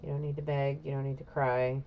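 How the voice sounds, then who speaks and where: A gentle, nurturing woman soothes and reassures her partner, spoken by a woman reader in her own low voice. The recording sounds dull and lo-fi. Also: little pitch movement, a little fast, creaky, slight background noise. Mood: soothing.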